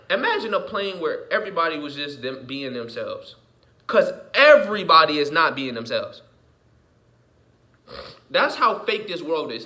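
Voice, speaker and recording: Sounding a little high, a man rants as a vlogger in a heated, unscripted monologue full of curses. He repeats himself and shifts back and forth between mumbling and shouting.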